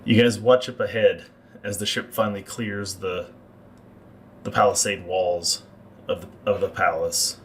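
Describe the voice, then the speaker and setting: A man narrating a tabletop game as game master, describing the scene in an unhurried way. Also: sits low, steady tone, a little hiss or hum.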